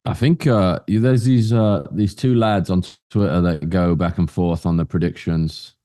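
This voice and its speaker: A man's voice: low-pitched, steady tone, a little slow, warm tone, no room sound, clean studio sound. A man co-hosting a casual podcast chat, talking loosely and informally, hedging with "like" and "I think". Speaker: podcast co-host.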